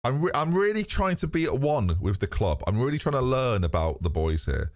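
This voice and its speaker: A man streaming a game live, chatting to his viewers in a lively, sweary way. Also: mid-range voice, brisk, no room sound. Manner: animated, talks to chat, swears casually. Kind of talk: live gameplay commentary.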